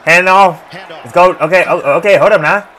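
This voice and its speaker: A man giving a casual, excitable play-by-play reaction to football highlights, full of slang and repeated phrases. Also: moderate pace. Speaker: sports reaction vlogger.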